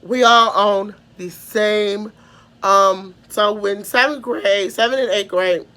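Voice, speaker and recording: A woman's voice: mid-range voice, steady tone, slow, pushed and bright. A woman from Mississippi with a Southern American accent, telling a personal story in a rambling way, full of restarts and trailing "da, da, da" fillers. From Mississippi, USA. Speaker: vlogger.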